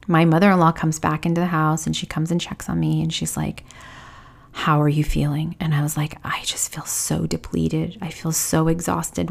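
Gravelly-voiced woman podcast host. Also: low-pitched. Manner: confessional, quoting others in hushed whispers. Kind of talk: personal storytelling.

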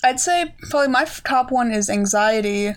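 A young woman co-hosting a casual home podcast. She rambles, leans on filler words and jokes about herself, and her voice sits a little high. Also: animated, normal speed. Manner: rambling, lots of fillers, self-mocking. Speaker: podcast co-host. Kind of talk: casual chat.

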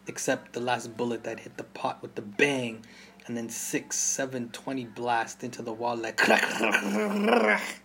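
A man's voice: medium pitch, level tone, normal speed, fairly bright tone, slight background noise. A man with a Jamaican accent narrating a story in first person, intense and vivid, voicing the sounds of gunfire. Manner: intense, mimics gunshot sounds. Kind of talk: audiobook narration.

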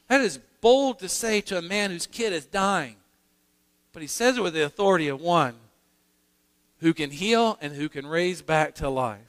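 A man's voice: high voice, a bit bright. A male pastor preaching a sermon, earnest and emphatic, often restarting his phrases. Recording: long hall reverb in a sanctuary.

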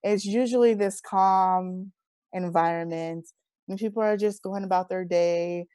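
A woman in her thirties speaks as an interview guest, earnest and heartfelt as she recounts her life. Her voice sits at an average pitch. The sound is dry and close, with no room around it. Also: measured pace, clear, resonant tone, dry recording. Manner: earnest, heartfelt, animated retelling. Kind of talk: personal storytelling in conversation.

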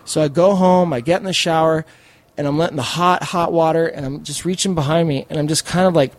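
Excitable, profane man telling a story. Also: fairly high pitch, a little fast. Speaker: podcast guest. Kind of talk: casual storytelling.

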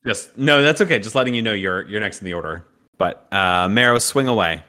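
A man's voice: lowish voice, a little fast, bright, forceful tone. A man narrating as game master of a tabletop game, laughing often and stopping for fillers and restarts as he describes the scene.

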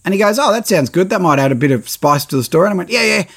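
Man, fairly high voice, animated storyteller who acts out every quote. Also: very fast, breathy edge. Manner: lively, exaggerated, acts out quotes with big pitch jumps. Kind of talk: animated anecdote.

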